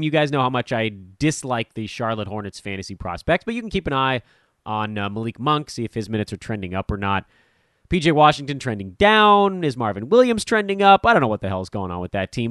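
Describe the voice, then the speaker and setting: Animated, lively-voiced male podcast host. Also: on the high side, no echo, clean studio sound. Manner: animated, rambling, jokey and blunt. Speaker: fantasy basketball podcast host. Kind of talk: casual podcast talk with sponsor promo.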